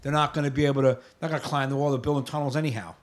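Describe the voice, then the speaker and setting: A man's voice: mid-range voice, steady tone, rapid-fire. A man co-hosting a podcast in casual chat, ranting bluntly and with plenty of swearing, and often tossing in short agreeing replies. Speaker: podcast co-host.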